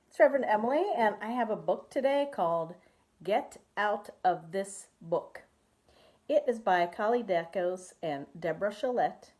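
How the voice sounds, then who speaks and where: A woman minister reading a children's picture book aloud with expressive, animated storytelling. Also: medium pitch.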